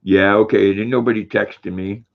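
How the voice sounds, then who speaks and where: Older male stream host, folksy and easygoing, reads chat aloud; muffled low-fi audio. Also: steady tone, normal speed, vocal fry. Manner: folksy, reads viewer comments aloud, talks to his dog. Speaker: livestream host. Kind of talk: casual livestream chat reading comments.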